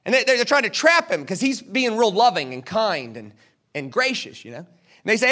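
The pastor's high-pitched voice is pushed and bright, swinging widely in pitch at a moderate pace. Through his sermon he asks the crowd questions and answers them himself, acting out the figures in the story.

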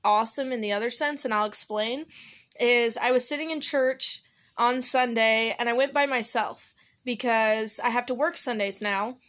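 Giggly young woman on a faith podcast, kinda high voice, quick jokey asides. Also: a bit bright. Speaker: podcast co-host. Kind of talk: casual faith podcast chat.

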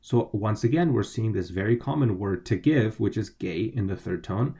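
A man's voice: lowish voice, expressive, a little fast, gravelly, mellow. A man teaching, walking through a dialogue and explaining each word and tone step by step. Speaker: language teacher.

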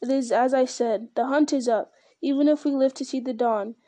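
A woman's voice: sits high, normal speed, warm tone, natural voice. A woman reading as a grave old wizard. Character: grave old male wizard, commanding and wise.

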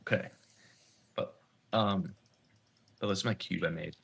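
Bright-voiced young man rambling casually. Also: low-pitched, measured pace, gravelly. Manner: rambling, heavy use of "like", thinks aloud. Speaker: podcast co-host. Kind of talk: casual chat.

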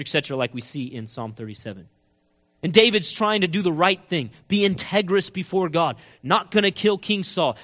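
High-voiced animated male preacher. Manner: animated storytelling, acts out quotes with big swings in pitch and loudness. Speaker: pastor. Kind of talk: sermon.

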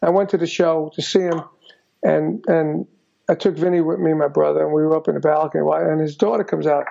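An older man telling stories as an interview guest, rambling and filling every pause with "you know". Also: fairly high pitch, level tone, vocal fry, dark tone. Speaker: guest musician. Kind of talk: casual storytelling interview. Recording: dull lo-fi recording.

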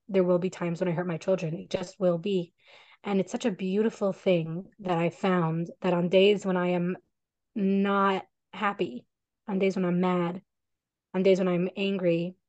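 Earnest soft-spoken woman on a video call. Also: on the low side, dry recording, highs cut off. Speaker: parenting coach and podcast co-host. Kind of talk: casual conversation over a video call.

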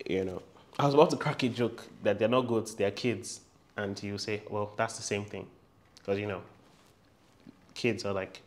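Emphatic pastor preaching. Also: male voice, mid-range voice. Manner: emphatic and repetitive, with humorous storytelling asides. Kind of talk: sermon.

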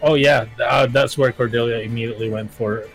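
Male player, mid-pitched, casual and halting, laughs a lot. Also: steady tone, gravelly, faint music behind. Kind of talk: tabletop game chat.

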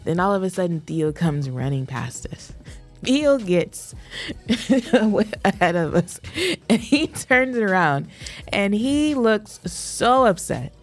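Woman in her 30s with a low voice, lively laughing podcast chat. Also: takes it slowly, soft background music. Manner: animated, laughing while telling stories. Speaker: podcast co-host. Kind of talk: casual chat.

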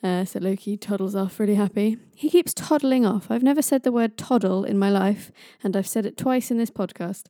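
A woman's voice: medium pitch, brisk, few pauses, warm tone, no echo, clean studio sound. A young woman retelling myths on a podcast in a chatty way, with jokey asides. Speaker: podcast storyteller.

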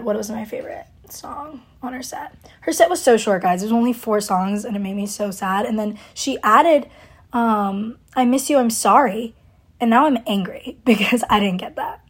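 A woman's voice: on the high side, husky. A young woman hosting a podcast, gushing and rambling in casual fan chat, full of likes and ums. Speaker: podcast host.

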